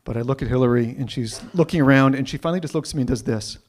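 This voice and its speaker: A man telling a personal story live, animated and often repeating himself as he builds up. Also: mid-range voice, racing. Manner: animated, repeats words when excited.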